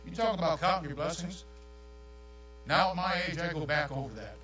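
An older man, preaching a sermon with folksy, animated storytelling. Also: fairly high pitch, fairly quick, distant mic. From New York. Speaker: pastor. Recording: echoey room, dull sound, mains hum.

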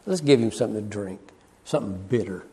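Here a man with a slightly rough voice preaches, shifting from high, loud exclamations to soft, low remarks. Phrases come back again and again, and he chuckles as he goes.

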